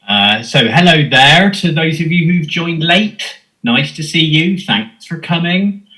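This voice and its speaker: A man hosts an online theatre evening. He speaks in a bright, forward voice. His manner is casual and jokey, and he stumbles over ums between remarks. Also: fairly high pitch, animated, measured pace, low-quality recording. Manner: casual and joking, with hesitant ums. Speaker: host. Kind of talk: live-stream introduction.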